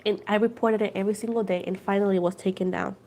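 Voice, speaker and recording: A woman's voice: medium pitch, very fast. A woman hosting a casual tarot livestream, chatting with viewers and going over each point twice. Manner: chatty, animated storytelling, repeats points a second time for viewers; addresses viewers as "guys" and "girl".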